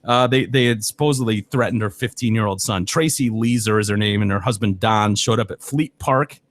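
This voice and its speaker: A man hosting a casual podcast, telling stories with lots of swearing, laughter and loud voices for the people he quotes. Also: on the low side, a little fast. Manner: swears freely, laughs often. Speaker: podcast host.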